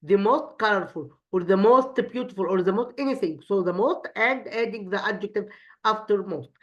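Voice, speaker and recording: A woman, an Arabic speaker, teaching an English lesson in a halting way, repeating words and asking questions that she answers herself. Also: mid-range voice, highs cut off. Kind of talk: recorded classroom lesson.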